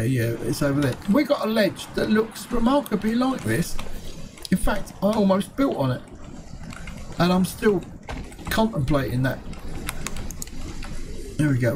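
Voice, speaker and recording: A man's voice: on the high side, background noise. A man giving casual, chatty commentary while playing a survival game, muttering to himself and swearing lightly. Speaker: gaming video host.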